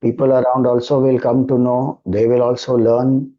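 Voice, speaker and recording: A man with an Indian English accent, a spiritual teacher giving a devotional talk and answering questions in a slow, measured, calm cadence. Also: medium pitch, highs cut off.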